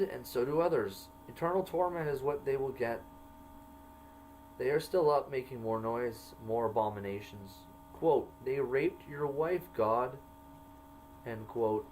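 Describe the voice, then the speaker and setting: A man at a mid pitch reads his own diary entries aloud at an unhurried, deliberate pace. He marks each quoted line aloud with quote and end quote, and a faint electrical hum sits low behind his voice. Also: darkish tone, poor audio. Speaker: narrator reading his own jail journal.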